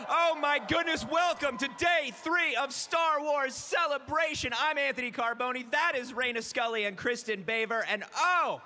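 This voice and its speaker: A man's voice: extremely high pitch, pushed and bright, a little hiss or hum. A man hosting a live event show, playful and upbeat, joking with his co-hosts. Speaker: host.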